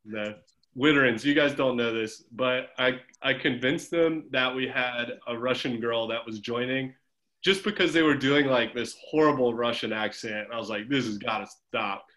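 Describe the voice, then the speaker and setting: A man's voice: medium pitch, moderate pace, a bit bright. A young adult man coaching swimmers over a video call, casual and encouraging with some teasing. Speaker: swim coach.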